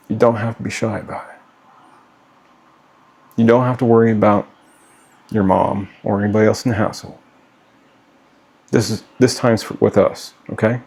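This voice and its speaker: Man, middle-aged, father, low voice, rough gravelly texture, earnest, pleading, direct to camera. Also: darkish tone. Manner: earnest, pleading, ends lines with "okay?". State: getting hot and worked up. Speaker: father addressing his children. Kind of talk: direct-to-camera personal vlog.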